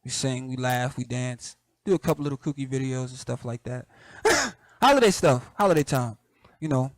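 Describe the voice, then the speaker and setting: A middle-aged man with a light Southern accent hosts his show, talking in a relaxed, conversational way full of "you know" and soft laughs. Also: mid-range voice, a little fast, no echo. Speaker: host. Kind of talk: casual reflective monologue.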